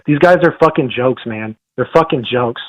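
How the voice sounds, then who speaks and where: A man's voice: medium pitch, normal speed, no echo, highs cut off. A man calling into a boxing podcast, ranting bluntly with lots of swearing. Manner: profane, blunt trash talk. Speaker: caller. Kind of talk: call-in boxing rant.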